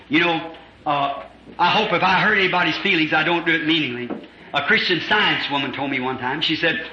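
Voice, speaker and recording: Fervent high-pitched preacher man shouting. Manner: fervent, swings into shouting, acts out scripture voices. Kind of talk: impassioned revival sermon. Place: church with congregation. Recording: lo-fi echoey church recording with congregation. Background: congregation responding.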